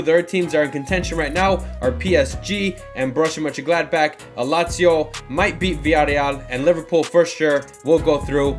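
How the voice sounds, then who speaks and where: Excitable young man commenting on gameplay. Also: on the high side. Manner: excitable, shouting at big moments, frustrated outbursts. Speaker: gaming YouTuber.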